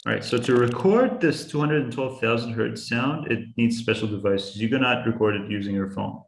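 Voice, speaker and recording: A man's voice: medium pitch, moderate pace, creaky, reverberant, rough recording. A man teaching young students about sound, patiently building simple examples with frequent restarts. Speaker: science educator.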